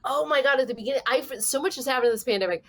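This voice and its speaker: A woman comedian, a podcast guest, chatting casually and telling animated stories with casual swearing. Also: sits high, racing.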